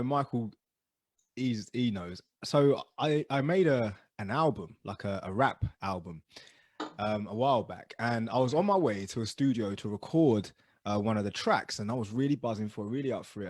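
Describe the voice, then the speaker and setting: A man telling stories as co-host of a casual podcast chat, animated and dropping low and quiet for asides. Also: normal speed, no room sound.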